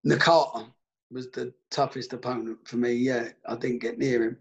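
Male ex-footballer, gravelly voice, animated, swears freely. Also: mid-range voice, normal speed, lo-fi sound. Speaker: former footballer guest. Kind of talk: casual anecdote telling.

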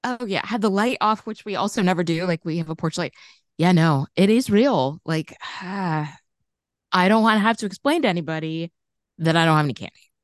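A middle-aged woman co-hosting a podcast in a relaxed, reflective, agreeable way. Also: on the low side, a little fast, no room sound, studio quality. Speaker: podcast co-host. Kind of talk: casual chat.

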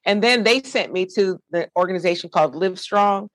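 A middle-aged woman, the founder of a nonprofit, tells her own story to a panel in an animated, preacherly way. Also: medium pitch, a little fast, no echo. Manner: animated, lively storyteller, preacherly call-and-response.

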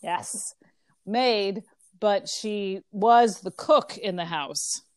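A woman's voice: mid-range voice, very slow, clear, resonant tone, dry recording, clean studio sound. A woman co-hosting a podcast, talking in a rambling, casual way with plenty of fillers. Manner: rambling, filler-heavy, chatty. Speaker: podcast co-host. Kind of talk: casual chat.

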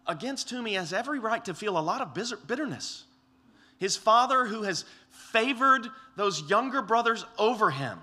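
Middle-aged male pastor, earnest sermon delivery, lively swooping pitch, emphatic and repetitive. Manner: earnest, emphatic preaching with many restarts and voiced quotes.

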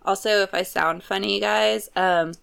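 A woman's voice: mid-range voice, steady tone, unhurried, gravelly, fairly bright tone, smooth. A woman co-hosting a podcast, chatting casually and swearing freely, her voice stuffed up from allergies. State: congested from allergies. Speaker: podcast co-host. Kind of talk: casual chat.

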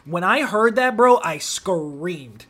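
A man's voice: high voice, expressive, slow pace, a crowd in the background. A young man hosting a casual podcast, telling stories with slang and profanity and big swings in his voice. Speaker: podcast host.

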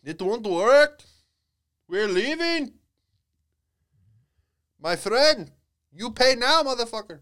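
A man's voice: very high voice, sing-song, takes it slowly, pauses often, fairly bright tone, smooth, pitched above the performer's own voice, exaggerated voice. A man impersonating a brusque male stranger with a heavy foreign accent, talking curtly and sounding aggressive.

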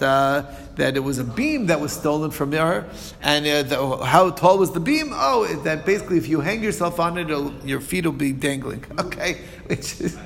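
A man teaching an informal Talmud lesson, talking in a halting way with many fillers and restarts. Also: a little high, gravelly, fairly bright tone, long reverb tail.

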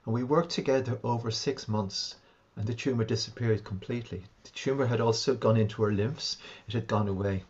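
A man, a homeopath and shamanic practitioner, calmly recounting a client's sessions in an interview. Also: mid-range voice, a little fast, lo-fi sound. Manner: calm, reflective, recounts sessions at length. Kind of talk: interview storytelling.

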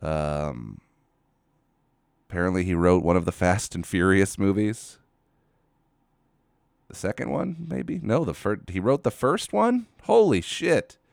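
A man's voice: low voice, expressive, unhurried, gravelly, pauses often, no echo, clean studio sound. A man hosting a casual solo podcast, ranting with exasperation, swearing and rambling into a microphone. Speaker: podcast host. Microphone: studio microphone.

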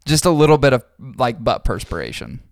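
A man's voice: mid-range voice, very animated, fairly quick, no room sound, studio quality. A man co-hosting a casual podcast, telling a story in a rambling, hesitant way with fillers and restarts. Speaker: podcast co-host. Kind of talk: casual chat.

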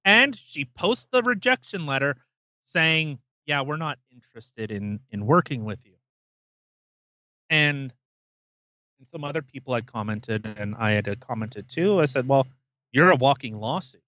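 A man's voice: medium pitch, lively intonation, a little slow, sharp tone, dry recording, highs cut off. A man co-hosting a podcast, ranting emphatically and swearing freely in casual chat. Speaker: podcast co-host.

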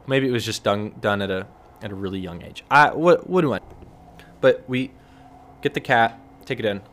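Relaxing in the evening with a cigar and beer, a podcast host with a lowish voice speaks at normal speed on his casual solo show. He rambles through wry stories, acting out other people's quotes with liveliness.

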